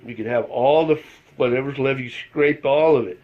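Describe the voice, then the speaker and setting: Middle-aged El man, Spanish; casual rambling storyteller who chuckles often; average pitch; muffled lo-fi recording. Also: moderate pace. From El Paso, Texas. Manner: rambling, chuckles through the telling. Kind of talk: casual anecdote telling. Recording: slightly dull lo-fi recording.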